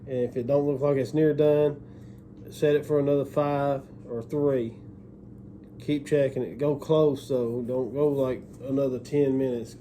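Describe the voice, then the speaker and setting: Middle-aged home-cook host, warm dark tone, loose folksy instructions, repeats himself. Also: male voice, medium pitch, steady tone, a little slow, slight background noise. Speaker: cooking show host. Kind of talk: casual cooking instruction.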